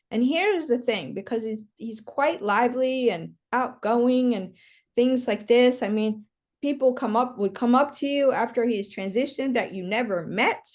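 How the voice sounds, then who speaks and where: A woman's voice: fairly high pitch, a little mellow. A woman working as a psychic medium, giving a chatty reading on a video call with many fillers. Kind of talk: live online reading.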